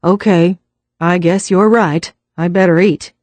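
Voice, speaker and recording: A woman's voice: fairly low pitch, steady tone, unhurried, a little mellow, no echo, close to an everyday voice. A woman reading the part of a worried middle-aged American businessman, weary and blunt, in an American accent.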